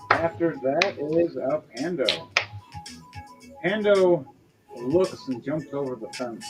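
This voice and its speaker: A man narrating as game master of a tabletop game, chatty and halting with fillers. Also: medium pitch, rough recording. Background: music.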